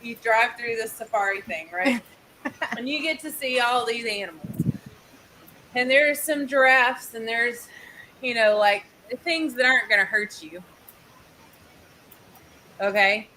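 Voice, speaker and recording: Bright, high woman host, animated storyteller on a video call, faint background noise. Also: measured pace, long pauses, poor audio. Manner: animated, laughing, loud storyteller. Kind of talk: casual storytelling chat.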